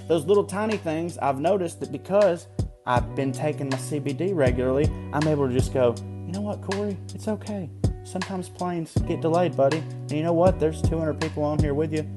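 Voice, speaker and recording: A man co-hosting a comedy podcast, reading a sponsor ad in a loose, joking way and swooping his voice up high for emphasis. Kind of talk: casual ad read.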